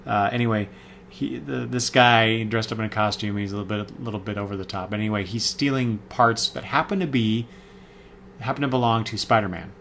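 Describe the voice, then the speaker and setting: A man's voice: on the low side, steady tone, a little fast, creaky, fairly bright tone, a little hiss or hum. Rambling man reviewing comics. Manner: rambling, many fillers and self-corrections. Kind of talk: casual spoken review.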